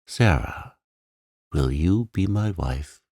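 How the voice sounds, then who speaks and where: A humble man pleads his devotion in an earnest, soft voice, as the narrator reads him. The voice sits deep and gravelly, and the words come slowly. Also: lively intonation, dry recording, clean studio sound, exaggerated voice. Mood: awed.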